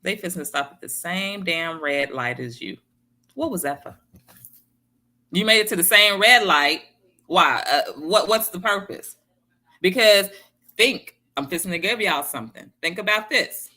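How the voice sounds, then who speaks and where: Woman, motivational talk, animated pitch, bright tone. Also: measured pace. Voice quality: emphatic, repeats key phrases, addresses viewers by name. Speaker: motivational speaker. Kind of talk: casual motivational talk to viewers.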